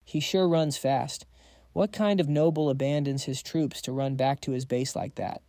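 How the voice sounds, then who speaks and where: A man's voice: mid-range voice, steady tone, normal speed, dark tone, no room sound, clean studio sound, lightly acted. A man voicing a brash young mercenary who grumbles and talks cockily. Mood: grumbling. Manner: grumbling, cocky.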